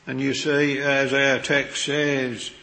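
Slow earnest preacher in echoey chapel. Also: male voice, medium pitch, flat delivery, vocal fry, bright, forceful tone. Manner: slow, earnest, old-fashioned preaching with biblical quotations. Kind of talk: sermon. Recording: echoey hall with long reverb.

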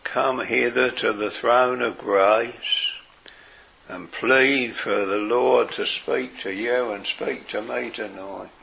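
A man preaching a sermon in an earnest way, dropping his voice softly for quoted words. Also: medium pitch, fairly even intonation, vocal fry. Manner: slow, earnest preaching with soft, quiet quoted phrases.

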